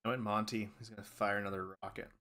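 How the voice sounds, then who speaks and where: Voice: low voice, little pitch movement, quick pace, pushed and bright. A podcast co-host on a live hockey watch-along, playfully chatting and greeting viewers. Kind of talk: casual live-stream chat.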